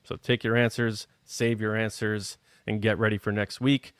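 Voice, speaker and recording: A man's voice: lowish voice, little pitch movement, normal speed, smooth, dry recording. A man hosting a fan aftershow, reading listener comments and running a trivia segment in a casual, upbeat way. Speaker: podcast host.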